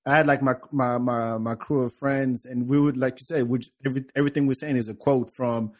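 A man's voice: medium pitch, fairly even intonation, brisk. French guy hosting a podcast, rambles and restarts a lot, accented english. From France. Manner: rambling, many restarts and repeated words. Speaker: podcast host. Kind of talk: casual chat.

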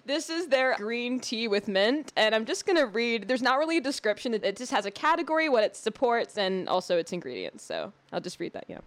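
A woman hosting a casual podcast chat, bubbly and upbeat with quick reactions. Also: a little high, big pitch swings. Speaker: podcast host.

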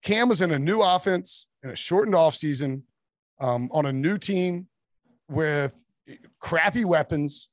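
A man talking casually as a sports writer guest on a podcast, rambling with quick asides and restarts. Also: a little high, no room sound, studio quality.

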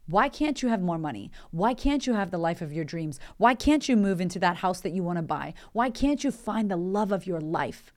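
A woman in her thirties, hosting a motivational podcast as a life coach, talking in an energetic, conversational way and firing off rhetorical questions. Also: fairly low pitch, moderate pace, few pauses.

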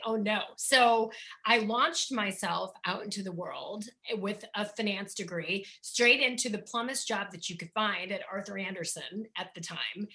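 Bright-voiced woman telling lively stories. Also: medium pitch, low-quality recording. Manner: animated, laughing, self-deprecating. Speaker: dating coach, guest. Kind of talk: casual storytelling interview.

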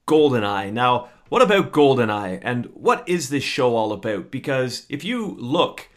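A man's voice: medium pitch, sing-song, measured pace. A man hosting a casual podcast, chatty and upbeat, talking loosely with plenty of filler words. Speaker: podcast host.

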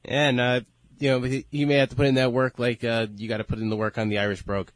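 A man's voice: mid-range voice, little pitch movement, fast, dry recording. A male radio host asking questions and bantering playfully in a sports talk show.

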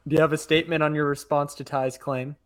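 A man's voice: a little high, level tone, quick pace, no echo, studio quality. A man co-hosting a casual sports podcast, emphatic and teasing. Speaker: podcast co-host.

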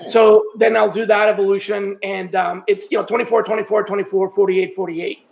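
A man with a high voice, edged with creaky fry, talks casually as a podcast guest. He explains his methods step by step and often restarts his sentences. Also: flat delivery, brisk. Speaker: guest, sourcing trainer.

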